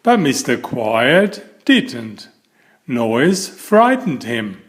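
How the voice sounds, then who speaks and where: A man reading a children's picture book aloud, addressing the young listener playfully and drawing out his words. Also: mid-range voice. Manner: animated, drawn-out, playful to children. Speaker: storybook reader.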